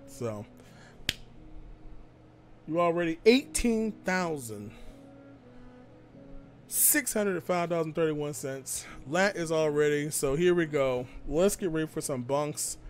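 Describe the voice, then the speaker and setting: A man's voice: on the high side, animated, slow, long pauses, soft background music. A man hosting a charity live stream, talking in an earnest, rambling, down-to-earth way.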